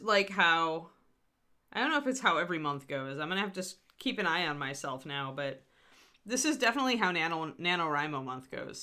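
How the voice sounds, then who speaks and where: With a lowish voice that sounds pushed and bright, the middle-aged host walks viewers through her live miniature painting tutorial. She is chatty and pokes fun at herself, sprinkling asides as she explains each step.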